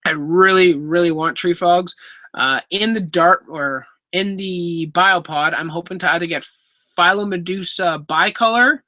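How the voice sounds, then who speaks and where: A man's voice: sits high, a little slow, pushed and bright, no room sound. A man, hosting a casual livestream Q&A, reading chat questions aloud in a chatty, apologetic way. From Canada. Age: 20s. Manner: chatty, apologetic, easily laughing. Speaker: livestream host.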